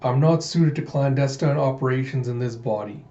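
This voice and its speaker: A man reading the lines of a grim, stoic male cyborg rebel commander in a manga read-aloud, in a flat, steady voice. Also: mid-range voice, moderate pace, reverberant, dull audio, close to an everyday voice. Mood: resolute.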